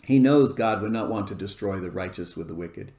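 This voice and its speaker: Lowish-voiced man preaching in an echoey room. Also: mellow. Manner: measured, explaining scripture verse by verse. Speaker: pastor. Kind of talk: expository sermon.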